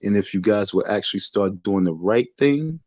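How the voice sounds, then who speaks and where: A man's voice: lowish voice, animated, moderate pace, no echo, highs cut off. A man hosting a livestream from his bedroom, talking into a phone in a defiant, repetitive, sermon-like way. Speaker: livestream host. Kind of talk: casual preachy livestream rant. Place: bedroom in the dark.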